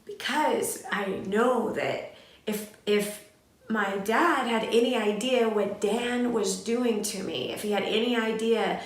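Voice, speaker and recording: A middle-aged woman from Southern California, telling a personal story in a candid, animated way with fillers and restarts. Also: fairly high pitch, takes it slowly, hardly any pauses. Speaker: host. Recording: very echoey room.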